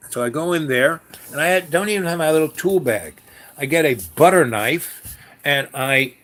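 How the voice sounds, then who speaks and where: A man's voice: mid-range voice, fairly bright tone. An older man telling a personal story in a casual, rambling way, full of fillers and restarts. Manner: rambling, frequent fillers and self-corrections.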